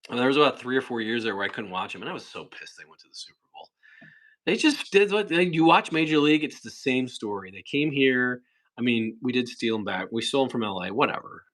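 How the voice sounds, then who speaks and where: A young man hosting a casual livestream, rambling through chat questions and sometimes breaking into shrill impressions. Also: big pitch swings, a little fast, a bit bright. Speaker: livestream host.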